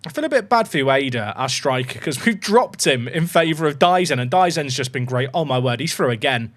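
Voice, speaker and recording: Excitable man streaming a football game. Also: medium pitch, brisk. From England. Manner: excitable, chatty, swears casually. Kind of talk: live gaming commentary.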